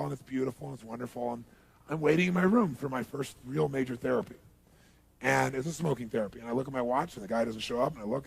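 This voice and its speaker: A middle-aged man giving a motivational seminar talk, telling stories in an animated way and asking the audience questions. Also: medium pitch. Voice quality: gravelly, husky voice. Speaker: motivational speaker.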